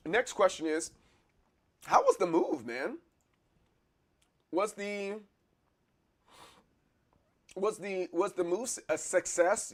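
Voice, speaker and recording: Excitable rambling man streamer. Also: high voice. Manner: rambling, restarts a lot, chuckles and gets excited. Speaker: livestream host. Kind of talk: casual chat answering live chat.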